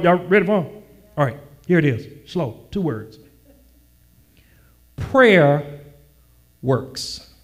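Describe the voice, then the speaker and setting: Male pastor, sermon, high voice, swooping intonation, teasing repetition, shouted cadence. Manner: teasing the congregation, repeating lines slowly; builds to shouted preaching cadence.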